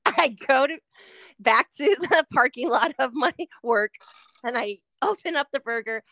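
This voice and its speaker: A woman co-hosting a podcast, telling a fast food rant in casual chat, swearing freely and animated. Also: sits high, gravelly, no room sound. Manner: swears a lot, animated ranting storyteller. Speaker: podcast co-host.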